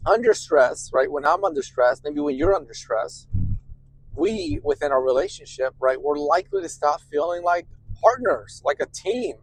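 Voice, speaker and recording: A middle-aged man, a therapist hosting a show, explaining to listeners in an animated, conversational way, often asking "right?" and acting out quoted voices. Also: a little high, normal speed, low-quality recording. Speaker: therapist and podcast host.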